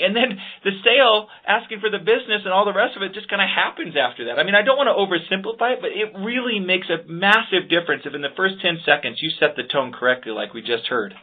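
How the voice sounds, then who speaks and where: A man's voice: high-pitched, expressive, fast, few pauses. A man teaching staff how to handle phone calls, speaking earnestly and with emphasis, often repeating words as he starts a point. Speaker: sales trainer. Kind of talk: podcast instruction on phone skills. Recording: phone-like lo-fi audio.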